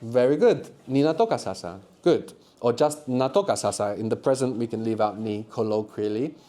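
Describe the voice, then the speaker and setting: A man's voice: mid-range voice, expressive, normal speed, mellow. A man teaching a live beginners' language workshop, patiently explaining and prompting students to answer.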